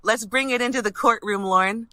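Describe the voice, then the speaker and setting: A woman's voice: on the high side, fairly quick, sharp tone, dry recording. A woman calling in, mocking and taunting the host, often laughing at him. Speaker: caller. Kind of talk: heated phone argument.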